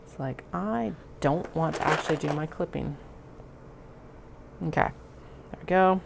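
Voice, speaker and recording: A woman's voice: low voice, unhurried, vocal fry, noisy background. A woman chatting to herself as she sews a bag, talking through each step in a casual, self-amused way. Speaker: crafter sewing on stream. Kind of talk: casual sewing narration. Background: sewing machine running.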